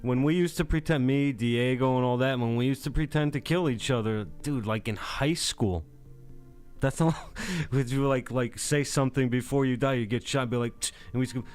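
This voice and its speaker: A man's voice: medium pitch, normal speed, darkish tone, clear, resonant tone, soft background music. A man co-hosting a podcast, laid-back and slangy in casual comedic chat, laughing often.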